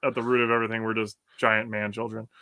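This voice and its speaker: A man in casual sports chat who hedges his points with fillers and laughs along with his co-host. His voice is bright and smooth, recorded dry and close. He sounds thoughtful rather than loud. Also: fairly low pitch, little pitch movement, fast, no room sound. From Wisconsin. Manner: reflective, hedging with fillers, chuckles often. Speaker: podcast co-host.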